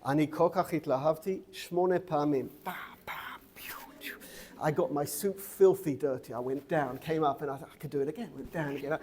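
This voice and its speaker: A middle-aged rabbi lectures his seminary students in a somewhat high voice. He moves between Hebrew and English, tells the story with rising energy and fires rhetorical questions at the class. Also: very fast, few pauses. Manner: grows loud and excited, rhetorical questions to the class. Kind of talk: lively Torah lecture with storytelling.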